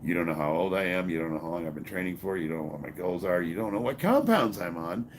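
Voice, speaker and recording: Speaking fast and expressively in a low voice, a fifty-year-old Illinois man reads his live chat as a powerlifter, blunt, combative, and profane, with laughing outbursts. A little hiss or hum is audible.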